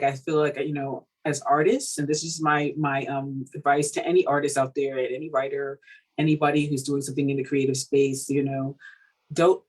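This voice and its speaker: A woman from Cameroon, an author being interviewed, talking in a casual, animated way with many fillers and laughs. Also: very deep voice, poor audio. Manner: animated, laughing, full of fillers like "you know". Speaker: author guest.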